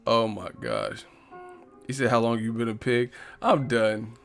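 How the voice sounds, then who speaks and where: Slow-talking, laughing man on a live stream. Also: medium pitch, vocal fry, soft background music. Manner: loud, laughing, profane, mocking, mimics others. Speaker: host of a live boxing stream. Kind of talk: casual live-stream chat.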